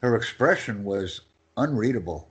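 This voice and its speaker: A man teaching English phrases in a lesson, reading each phrase slowly and with emphasis for his student to repeat. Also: lowish voice, animated. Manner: slow and emphatic, phrases stressed one by one.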